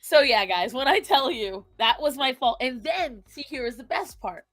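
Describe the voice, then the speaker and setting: A woman streamer chatting casually about games, animated and dramatic, laughing and swearing often. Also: sits high, normal speed, soft background music. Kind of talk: casual gaming chat.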